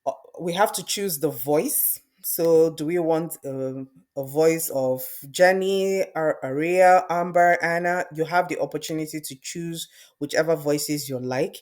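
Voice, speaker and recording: A woman with a slightly low voice walks viewers through a software tool in a screen-recorded tutorial. She talks casually and thinks aloud, pausing to restart phrases as she works. The tone is relaxed and instructional. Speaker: presenter demonstrating software.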